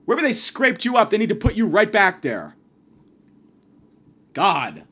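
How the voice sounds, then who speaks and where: A man delivering a profane comedic rant, abrasive and insulting, swinging from yelling to muttering. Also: high-pitched, wildly swooping pitch, unhurried, pauses often, husky. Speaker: comedic ranter.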